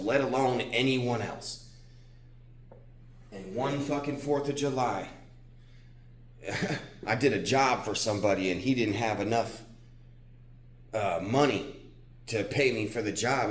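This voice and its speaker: A young fitness vlogger with a lowish voice tells a personal story at the gym, rambling profanely and saying "dude" constantly in casual, confessional talk. The room echoes, with slight background noise.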